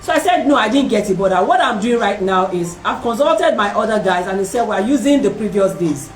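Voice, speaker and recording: A woman hosting a talk, telling a personal story in a lively way and acting out the voices of other people. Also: mid-range voice, a little fast, slight background noise. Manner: animated, acts out voices in her story, laughs often. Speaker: host. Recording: roomy and distant from the mic.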